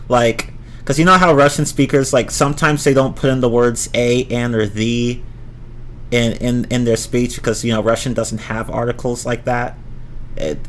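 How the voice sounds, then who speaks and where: A man's voice: medium pitch, a little hiss or hum. A young man rambling casually through a film review on a livestream, often restarting his sentences, swearing now and then and reacting to chat. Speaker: livestream host reviewing films.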